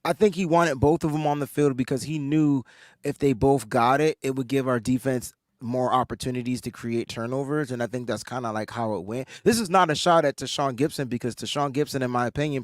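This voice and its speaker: A man's voice: mid-range voice, steady tone, fairly quick, no room sound, clean studio sound. A man co-hosting a casual sports podcast, joking and laughing as he teases the others. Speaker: podcast co-host. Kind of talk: casual chat.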